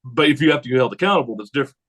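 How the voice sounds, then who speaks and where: A man who is a high school head football coach, talking casually on a podcast in a rambling way and acting out what he says to players. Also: very fast, low-quality recording. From United States. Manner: rambling, animated, acts out quotes of himself.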